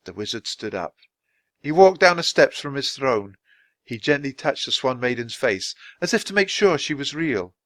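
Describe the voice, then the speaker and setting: A man reading a children's storybook aloud, slowly and deliberately for English learners. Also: medium pitch, big pitch swings, fairly bright tone, no room sound. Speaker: storybook reader.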